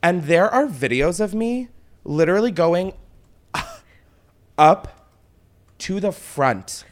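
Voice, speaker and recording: A man's voice: high-pitched, takes it slowly, pauses often. A man hosting a casual chat, telling a story with lots of swearing and laughter. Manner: animated storyteller, swears freely, laughs often. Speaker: podcast host.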